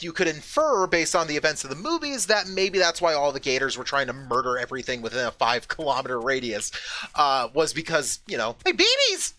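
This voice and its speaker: Bright, high-voiced rambling gamer guy. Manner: rambling and profane, with excited outbursts. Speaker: streamer. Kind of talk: casual chat while gaming.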